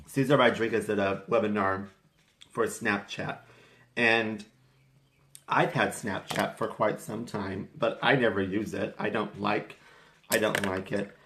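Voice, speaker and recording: A man's voice: lowish voice, fairly even intonation, unhurried, a bit bright. A young man talking casually to camera in a vlog, chatty and rambling. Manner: chatty and rambling, with restarts and quoted asides. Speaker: vlogger.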